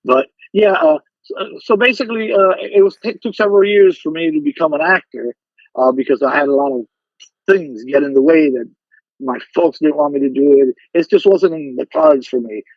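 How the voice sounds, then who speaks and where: A man's voice: fairly high pitch, normal speed, no room sound, dull audio. A man, an actor guest on a podcast, telling stories animatedly and acting out the voices of the people in them. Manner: animated, acts out quoted voices in his stories. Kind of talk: casual interview storytelling.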